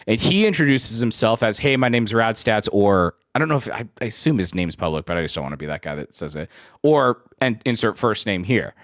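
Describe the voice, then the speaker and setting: Twenties male streamer, laid-back storyteller, expressive and bouncy delivery, dry room. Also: lowish voice, brisk, no echo. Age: 20s. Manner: rambling anecdotal storytelling, laughs often. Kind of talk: casual live-stream chat with viewers.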